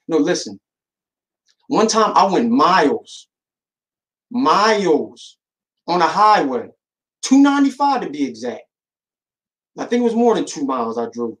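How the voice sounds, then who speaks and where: A man hosting a podcast in a casual monologue, talking in street slang, animated, with lots of restarts and repeated words. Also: fairly high pitch, poor audio. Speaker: podcast host.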